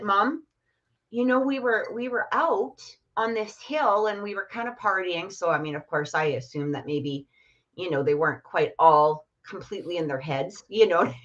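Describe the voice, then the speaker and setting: A woman's voice: medium pitch, a bit bright. A middle-aged woman telling a personal story in a casual, chatty way, full of fillers and restarts. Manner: chatty, many fillers and restarts, laughs often. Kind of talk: casual storytelling on a live stream. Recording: muffled lo-fi stream audio.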